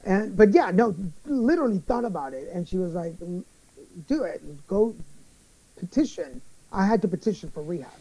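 A young man being interviewed, telling his story in a candid, animated way and acting out other people's lines. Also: high voice, normal speed, poor audio. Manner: animated storyteller, acts out quoted voices, many restarts. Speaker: guest.

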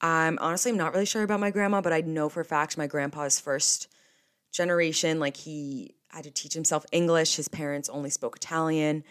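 A woman's voice: low-pitched, steady tone, a little fast, smooth. A young woman, hosting a podcast in a rambling, casual chat full of swearing. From New Jersey. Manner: chatty and rambling, with frequent swearing. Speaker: podcast host.

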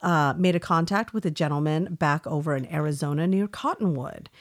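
A woman's voice: deep voice, fairly quick. A woman co-hosting a podcast, reading listener emails aloud and teasing her co-host with frequent laughs. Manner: giggly, teasing.

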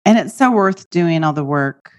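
A woman's voice: lowish voice, lively intonation, moderate pace, darkish tone. A woman hosting a podcast who listens supportively, affirms her guest often and chats casually. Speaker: podcast host. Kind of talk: conversational interview.

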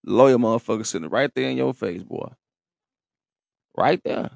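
A man's voice: medium pitch, moderate pace, gravelly, no room sound. A man, rambling in a profane, casual street-talk monologue.

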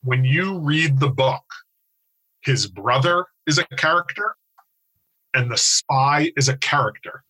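Animated storytelling man, bright voice. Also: medium pitch, takes it slowly, slightly rough, rough recording. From United States. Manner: animated, self-deprecating storyteller. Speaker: podcast co-host. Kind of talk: casual storytelling chat.

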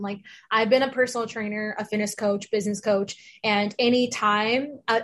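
A woman's voice: fairly high pitch, fairly bright tone, a little hiss or hum. A woman life coach speaking as an interview guest, earnest and encouraging as she explains her views. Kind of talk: casual interview chat.

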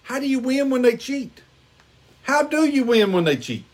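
A man hosting a call-in show gets into a heated back-and-forth with a caller, repeating himself and cussing as he goes. His voice sits very high and swings around a lot in pitch. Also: big pitch swings, moderate pace. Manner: exasperated, repeats himself, cusses.

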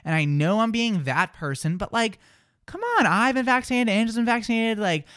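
A man co-hosting a live morning radio show, chatting in an animated, jokey and self-deprecating way. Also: high voice, fairly quick.

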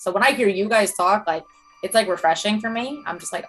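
Fast-talking New York woman. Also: medium pitch, fairly bright tone, faint music behind. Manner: fast, rambling, swears freely. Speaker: podcast guest. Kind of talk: casual chat.

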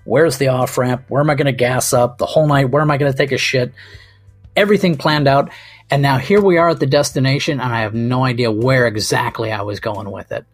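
Husky-voiced man, wry comedic rant. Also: mid-range voice, steady tone, brisk, faint music behind. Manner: wry, rambling, self-mocking. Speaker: comedy podcast host. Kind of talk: comedic monologue.

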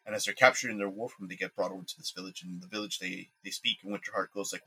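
A man telling a story casually on a podcast, drifting through it loosely with a few small restarts. His voice sits low, with a bright, forward tone and a husky grain. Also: fairly even intonation, racing, hardly any pauses, poor audio. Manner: loose, rambling retelling. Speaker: podcast co-host.

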